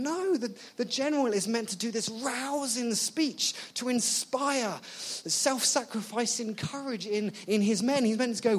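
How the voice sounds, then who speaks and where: An animated male preacher talks through a sermon and mixes earnest points with jokes. He turns to the audience often with questions. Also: extremely high pitch, moderate pace.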